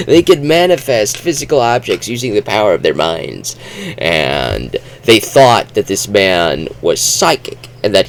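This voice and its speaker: A man giving a casual, rambling book review vlog, talking haltingly and restarting his sentences. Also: medium pitch, a bit bright.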